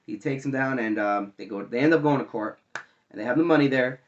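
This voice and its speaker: A man's voice: mid-range voice, fairly quick. Guy rambling his opinions to the camera, lots of ums, kinda muffled lo-fi sound. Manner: conversational, argumentative, many fillers and restarts. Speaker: online commentator. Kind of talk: casual monologue to camera.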